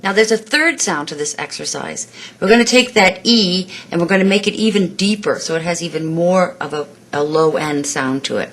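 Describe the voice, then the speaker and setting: A woman's voice: lowish voice, lively intonation, faint music behind. A woman vocal coach giving a lesson, explaining and demonstrating sounds and praising her student in short bursts. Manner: instructive, demonstrates sounds, gives quick praise.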